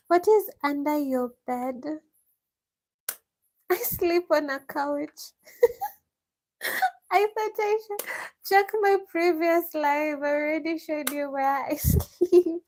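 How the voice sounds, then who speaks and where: Woman vlogger, unhurried casual live-stream Q&A, reads each question aloud and answers it. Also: high voice, a little mellow. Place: village home.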